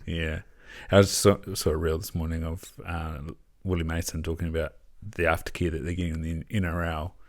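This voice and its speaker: A man's voice: rumbling low, little pitch movement, fairly quick, hardly any pauses. A young man hosting a podcast, chatting candidly and casually, laughing often and swearing. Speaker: podcast host. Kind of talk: casual chat.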